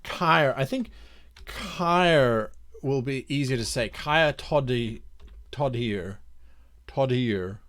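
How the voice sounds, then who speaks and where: A man in the middle of a live-streamed worldbuilding session, musing at a very slow, unhurried pace. He reads viewers' suggestions aloud and sounds them out by repeating them. He hesitates often as he thinks through each idea. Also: mid-range voice, a bit bright. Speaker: game master streaming campaign design.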